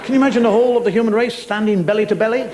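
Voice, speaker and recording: On a TV studio stage before a live audience, a middle-aged man delivers a stand-up comedy monologue in a high-pitched, racing voice. He tells wry stories with bursts of mock outrage and acts out voices. The live TV recording is noisy, with a loud crowd and audience laughter.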